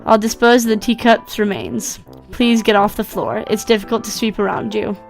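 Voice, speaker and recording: A formal, stiff male robot butler, read out by a woman in a visual novel. He speaks politely and plainly in a mid-pitched voice. Faint music plays behind. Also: steady tone, moderate pace, vocal fry, close to an everyday voice. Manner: stiff formal diction, stumbles over words when reading. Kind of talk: reading a visual novel aloud.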